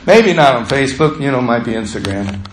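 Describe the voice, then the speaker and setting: A man's voice: mid-range voice, expressive, fairly quick, slight background noise. Man preaching in an echoey room. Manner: conversational, acts out quoted voices. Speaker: pastor. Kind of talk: sermon.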